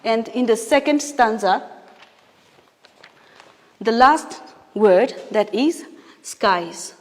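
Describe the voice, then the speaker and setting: A woman's voice: fairly high pitch, animated, extremely slow. A woman teacher giving a patient poetry lesson, explaining step by step and correcting herself as she goes. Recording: long reverb.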